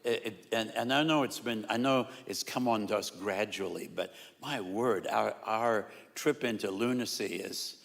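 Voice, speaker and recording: A man's voice: on the low side, moderate pace, vocal fry, hardly any pauses. A man hosting a forum conversation in a church hall. He agrees often and talks in short remarks. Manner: agreeable, brief affirmations. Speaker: forum host. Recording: reverberant hall with faint ambience.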